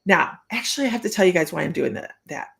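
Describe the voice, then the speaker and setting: Chatty woman with a gravelly voice. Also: fairly low pitch, lively intonation, quick pace. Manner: chatty and rambling, often laughing. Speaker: psychic medium. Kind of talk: casual live-stream reading.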